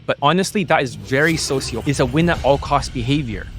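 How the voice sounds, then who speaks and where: A man's voice: expressive, brisk, a bit bright, soft background music. A middle-aged man, a dating coach, ranting to camera in a profane, emphatic monologue. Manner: profane, emphatic, stresses words with rising pitch.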